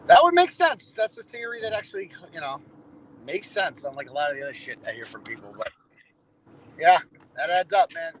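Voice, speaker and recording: A man's voice: a little high, very animated, brisk, low-quality recording. A man from Massachusetts co-hosting a casual, profane commentary chat, sarcastic and exasperated, mocking people in put-on voices.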